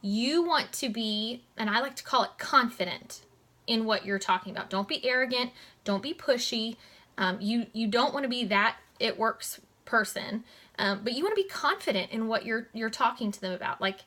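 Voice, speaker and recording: A young woman giving a motivational coaching talk to her network marketing team, talking in a direct, animated way and saying "like" and "guys" a lot. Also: fairly high pitch, normal speed.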